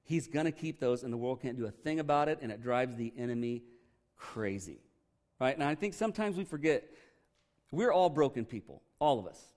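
A man's voice: medium pitch, expressive, brisk, a little mellow. A man, a pastor preaching a conversational sermon with candid, joking asides.

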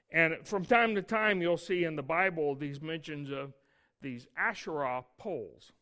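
A man's voice: a little high, unhurried, sharp tone. Man teaching a casual, conversational sermon. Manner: conversational Bible teaching with asides and rhetorical questions; reads scripture aloud with emphasis. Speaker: pastor.

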